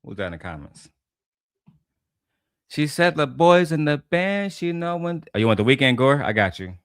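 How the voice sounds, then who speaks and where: A man's voice: fairly high pitch, sing-song, moderate pace, clear, resonant tone, no room sound, clean studio sound. A man hosting a casual show, talking loosely and profanely and joking with his viewers between songs. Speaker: show host.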